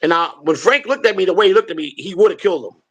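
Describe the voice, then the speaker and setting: A man's voice: high-pitched, animated, quick pace, fairly bright tone, breathy edge. A man hosting a live stream, telling stories in a rambling, blunt and profane way. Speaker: streamer and show host. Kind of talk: casual storytelling on a live stream.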